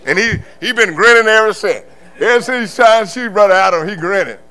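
An older man preaching a sermon, moving from quiet murmured storytelling to loud, impassioned shouts. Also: high voice, a little fast, clear, resonant tone. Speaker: pastor.

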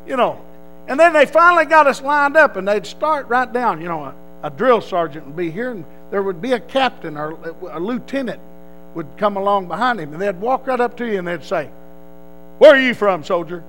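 A man's voice: sits high, expressive, a little fast, pushed and bright, slight background noise, rough recording. A man from Texas with a Texan accent, telling a personal story in a rambling way with frequent restarts. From Texas, USA.

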